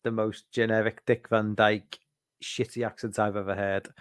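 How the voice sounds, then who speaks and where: A man's voice: lowish voice, little pitch movement, moderate pace, dry recording. Sleepy british guy rambling on a late stream, middle-aged, swears a lot, dry close sound. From United Kingdom. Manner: rambling, loose and sweary, full of restarts. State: tired, fighting sleep. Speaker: live streamer. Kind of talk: late-night casual Q&A chat.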